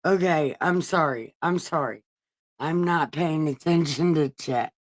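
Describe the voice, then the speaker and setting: Slow-talking crude streamer woman. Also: deep voice. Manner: crude, swearing, laughing asides, chatting to viewers. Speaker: livestream host. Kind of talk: casual livestream Bible reading.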